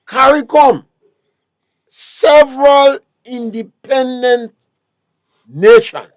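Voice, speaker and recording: A man's voice: very high voice, very slow, no echo, clean studio sound. A man with a Grenadian accent, a talk show guest, lecturing emphatically with rhetorical questions. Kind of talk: political talk show discussion.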